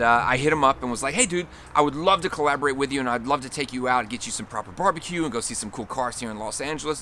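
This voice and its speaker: A man hosting a car vlog, talking in an upbeat, chatty way with fillers. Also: mid-range voice. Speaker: vlog host. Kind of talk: casual vlog chat. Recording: background music clearly audible.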